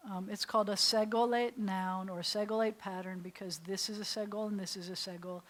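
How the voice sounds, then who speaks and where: A woman rabbi with an American accent teaching a beginners' Hebrew class, sounding out letters slowly and adding playful asides. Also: medium pitch, steady tone, rough recording. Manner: patient, explains step by step, sounds out letters slowly. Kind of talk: classroom lesson. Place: synagogue classroom.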